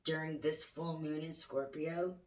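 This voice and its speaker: Older grandma lady, bright tone, earnest spiritual chat, echoey room, kinda far from the mic. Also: deep voice, steady tone, a little slow. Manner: candid, earnest, occasionally swears. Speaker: spiritual vlogger. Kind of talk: reflective spiritual talk. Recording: roomy sound, voice away from mic.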